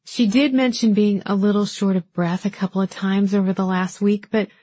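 A woman's voice: medium pitch, steady tone, normal speed, dark tone, no room sound, lightly acted. A woman voicing a grieving older southern woman. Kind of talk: audiobook dialogue.

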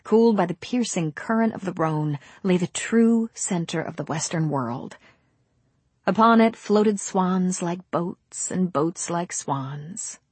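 A woman narrating a novel in a measured, unhurried read. Her voice sits low and slightly husky. The recording is dry and close, with no room sound. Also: darkish tone, no echo. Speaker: audiobook narrator. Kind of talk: scripted narration.

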